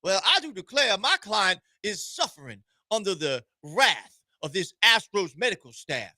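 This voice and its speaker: A man's voice: high-pitched, very animated, moderate pace, bright, forceful tone, no room sound, full character voice. A man voicing a pompous male courtroom lawyer with a put-on Southern drawl and theatrical declarations. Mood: indignant.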